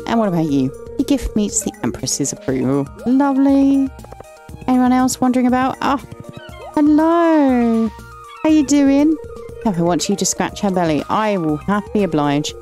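A woman's voice: medium pitch, very animated, brisk, darkish tone, soft background music. An English woman giving casual, chatty commentary while playing and reading game dialogue aloud, affectionately calling characters "lovely". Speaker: gaming channel host.

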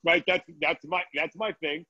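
A man's voice: on the high side, steady tone, moderate pace, bright, forceful tone, dry recording, dull audio. A man, a guest chef from Brooklyn, chatting casually on a video call from his restaurant, telling stories with many "uh"s and "right?"s. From Brooklyn, New York.

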